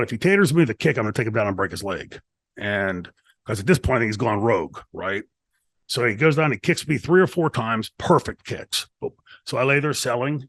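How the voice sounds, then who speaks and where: A middle-aged man tells a backstage wrestling story in an animated, profane way, acting out what people said along the way. His voice sits at an ordinary male pitch. The studio sound is dry and close. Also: no room sound. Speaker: retired wrestler telling a story. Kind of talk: shoot interview storytelling. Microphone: studio mic.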